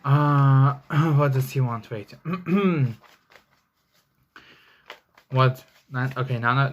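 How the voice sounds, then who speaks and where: A man reads tarot cards to camera in a loose, casual way. He talks emphatically, with many fillers and the odd curse. His voice sits at an ordinary middle pitch. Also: drawn-out words, pauses often, slight background noise. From Russia. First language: Russian. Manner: chatty and emphatic, heavy on "like" fillers and swearing. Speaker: tarot reader.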